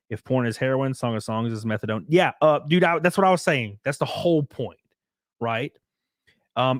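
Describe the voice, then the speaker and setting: A man's voice: mid-range voice, no room sound, clean studio sound. Laid-back Southern-drawling male streamer. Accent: Southern US rural. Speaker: streamer reading super chats. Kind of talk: casual livestream chat.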